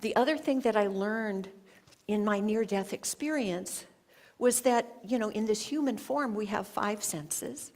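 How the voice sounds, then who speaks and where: A woman giving a sermon at a church, telling a personal story in a slow, reflective way with long pauses. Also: medium pitch, darkish tone. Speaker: guest speaker. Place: church sanctuary.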